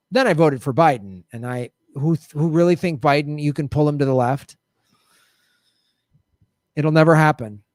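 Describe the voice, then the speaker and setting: Animated man answering viewer questions. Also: a little high, no echo, studio quality. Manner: animated, jumps between mocking voices and mutters. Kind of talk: casual livestream commentary.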